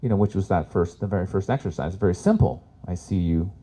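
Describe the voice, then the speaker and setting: Mellow-voiced man doing stand-up. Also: sits low, fast talker. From Canada. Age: 40s. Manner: chatty, swears freely, laughs at his own jokes. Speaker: comedian and workshop host. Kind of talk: live stand-up comedy talk.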